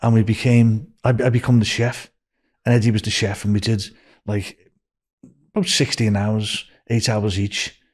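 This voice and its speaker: An older man with a Liverpool accent, telling a rambling story as a podcast guest and raising his pitch for quoted voices. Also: little pitch movement, normal speed. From Liverpool, England.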